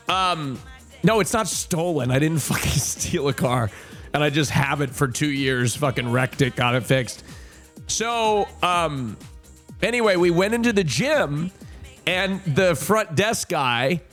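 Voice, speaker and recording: A man's voice: fairly high pitch, fairly bright tone. A man live-streaming, telling stories to his chat in a casual, profane way, repeating himself and checking in with his viewers. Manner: profane, repetitive storytelling addressing chat. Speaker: livestreamer.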